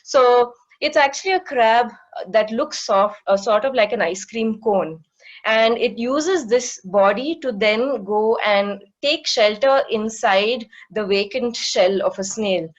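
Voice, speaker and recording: A woman's voice: on the high side, slow pace, dull audio. A woman in her thirties, a marine educator giving an online talk with slides, explaining things patiently with many fillers. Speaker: guest speaker, marine educator.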